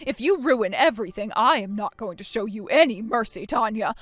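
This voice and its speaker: Stern, cold middle-aged mother voiced by a woman for a text-message drama; high, lively delivery, dry close sound. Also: a little fast, no room sound. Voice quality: cold, commanding. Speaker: voice actor.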